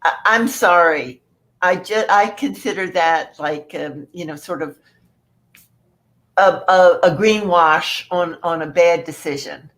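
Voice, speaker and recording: A woman's voice: on the low side, slow pace, fairly bright tone. A woman speaking as a panelist, earnest and stammering with frequent restarts. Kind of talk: panel discussion.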